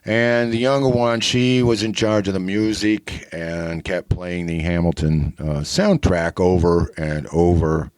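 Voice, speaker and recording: Deep-voiced man telling a rambling story. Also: measured pace, few pauses, clear, resonant tone, dry recording. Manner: rambling, many fillers, deadpan humor. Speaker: podcast host. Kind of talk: casual storytelling monologue.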